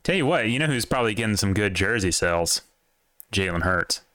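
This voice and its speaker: Animated young man in casual sports chat. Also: brisk, clean tone, no room sound, studio quality. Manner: animated, swearing, laughing, big pitch jumps. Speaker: podcast co-host.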